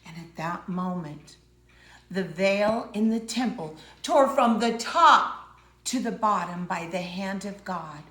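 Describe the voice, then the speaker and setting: A woman teaching preschoolers, telling a Bible story with dramatic voices and hushed moments. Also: mid-range voice, takes it slowly, roomy sound. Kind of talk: Bible story lesson for young children.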